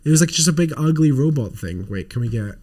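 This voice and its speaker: A man's voice: on the high side, animated, fast, darkish tone, husky. Rambling, profane male stream co-host. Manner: rambling, profane, showing off toys. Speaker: podcast co-host. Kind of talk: casual livestream chat.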